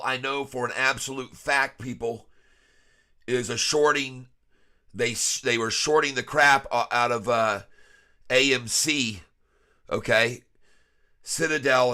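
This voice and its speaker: Male vlogger, stuffy nose, folksy chuckling chart talk, bright forward tone. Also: medium pitch. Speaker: stock trading vlogger. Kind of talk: casual screen-share commentary.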